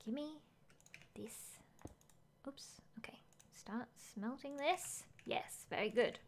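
A woman's voice: on the high side, takes it slowly, whispered. A woman game streamer chatting casually as she plays, thinking aloud, gasping at finds and reading chat messages.

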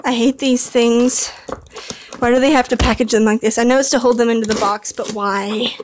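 A woman filming an unboxing vlog, gushing and excitable, talking to her viewers while tired late at night. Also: on the high side, moderate pace, a little hiss or hum. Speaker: vlogger unboxing a model horse.

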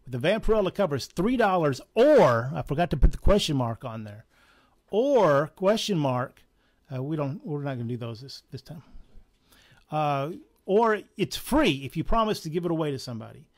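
A man's voice: on the high side, very animated, moderate pace. Chuckling Southern man running a sale. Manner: chatty, chuckling, jokey asides. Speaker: comic shop owner running a live sale. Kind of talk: casual live sale patter.

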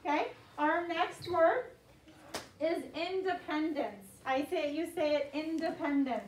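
A woman teaching second graders, saying words slowly and clearly for the class to repeat. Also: high-pitched, a little hiss or hum. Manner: slow, clear call-and-response teaching. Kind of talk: classroom vocabulary lesson. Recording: echoey classroom mic from far off.

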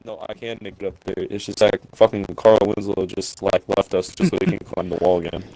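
A young gamer with a lowish, creaky, mellow voice talks fairly quickly in a steady tone over a rough recording. In casual co-op gaming chat, he bosses his friend around as they play, profane and exasperated.

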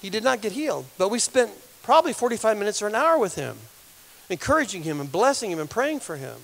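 A male guest speaker telling a story in a church sermon, rambling, repeating words and growing animated as he goes. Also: high voice, fast, vocal fry. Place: church hall. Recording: long hall reverb.

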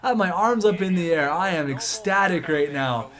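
A man giving excitable gameplay commentary on a hockey video game, shouting at the big plays. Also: fairly high pitch, brisk, hardly any pauses. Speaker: gaming YouTuber.

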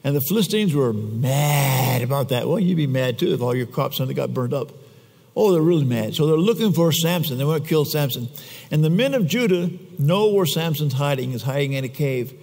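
A preacher with a gravelly, slightly high voice gives a conversational sermon and keeps turning to the congregation with questions. His voice carries through a long, echoing church hall. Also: animated, fairly quick, a little mellow.

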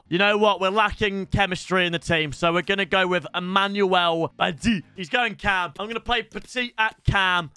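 A young man giving energetic, cheeky commentary on his game to his chat, often bursting into hype shouts. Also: sits high, normal speed, hardly any pauses, smooth, no echo. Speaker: gaming YouTuber. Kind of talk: energetic pack-opening commentary.

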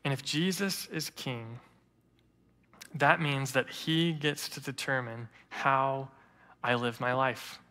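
A man's voice: medium pitch, slow. A man serving as interim lead pastor, preaching an earnest sermon in a storytelling manner. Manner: earnest storytelling preacher, quotes others in lively voices. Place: church sanctuary. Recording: church hall reverb.

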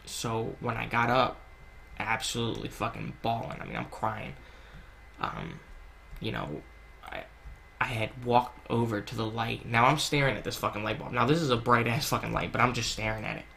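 In a casual, earnest confession delivered while gaming, a channel host tells a personal story packed with swearing, fillers, and restarts. He talks at normal speed in a mid-range voice with vocal fry, pushed and bright, against a faint hiss or hum.

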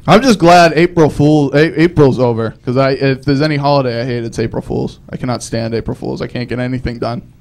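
A man's voice: medium pitch, moderate pace, a little mellow. A young man doing a live stand-up set, telling rambling self-deprecating stories with frequent restarts. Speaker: stand-up comedian.

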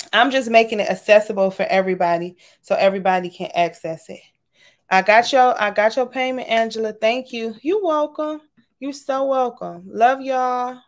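A woman, casually chatting and signing off from a livestream, talking affectionately to her viewers. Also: a little high. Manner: warm, chatty, says y'all often. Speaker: livestream host. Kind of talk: casual livestream sign-off chat.

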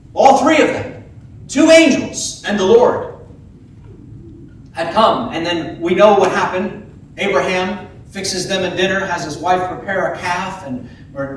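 A man preaching a sermon as pastor, animated, acting out the voices of biblical figures. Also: high voice, slight background noise. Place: church sanctuary. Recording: echoey church from a distant mic.

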